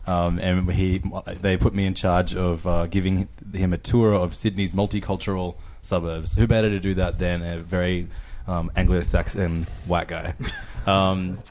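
A man's voice: sits low, little pitch movement, moderate pace, few pauses, a little mellow, slight background noise. A man hosting a casual podcast chat, with a dry, self-deprecating sense of humor.

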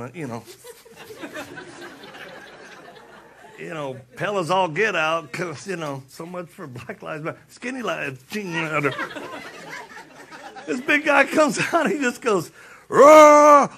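A middle-aged man preaches in a high, bright, forceful voice, animated yet a little slow, with long pauses. His passionate sermon repeats lines for emphasis and acts out stories with laughter.

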